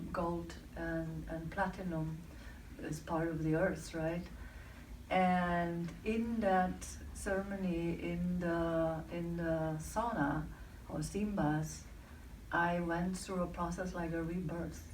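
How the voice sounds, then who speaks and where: A woman telling a personal story to an audience in a reflective way, pausing to search for words. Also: fairly low pitch, fairly even intonation, darkish tone, echoey room, recorded from a distance, a little hiss or hum, low-quality recording.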